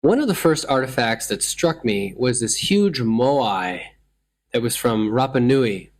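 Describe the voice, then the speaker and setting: A man's voice: mid-range voice, lively intonation, measured pace. A man from the United States hosting a travel show, telling his stories in a thoughtful, meandering way with frequent restarts. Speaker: travel podcast host. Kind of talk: reflective travel storytelling.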